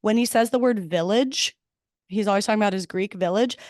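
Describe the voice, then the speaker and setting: A woman in her thirties with a Washington DC accent, co-hosting a podcast in casual, animated chat, swearing freely and laughing often. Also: mid-range voice, brisk, dry recording, clean studio sound. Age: 30s. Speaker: podcast co-host.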